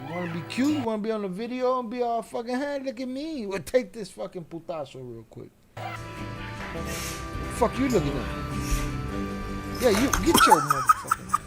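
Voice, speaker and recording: A man's voice: very high-pitched, huge pitch swings, moderate pace, pauses often, over loud music, pitched above the performer's own voice, full character voice. A man voicing a fierce, trash-talking male house cat that taunts and threatens in a swaggering, profane way. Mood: taunting. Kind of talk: live stream reaction voice-over.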